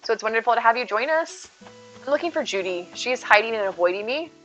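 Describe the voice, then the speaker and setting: A woman livestreaming from home, chatting with her viewers in an excitable, over-the-top way. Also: a little high, fast talker, lo-fi sound, faint music behind. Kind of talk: casual live game stream chat.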